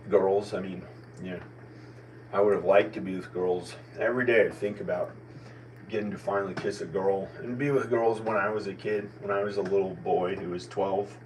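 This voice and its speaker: Rambling man with a country accent. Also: fairly low pitch. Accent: American country. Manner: meandering, self-questioning, many restarts. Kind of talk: rambling personal monologue. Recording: distant mic with faint background noise.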